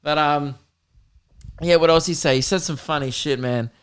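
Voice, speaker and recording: A man's voice: a little high, normal speed, smooth. A young man hosting a podcast, telling a comic story in a casual, profane and laughing way with mock outrage. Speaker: podcast host.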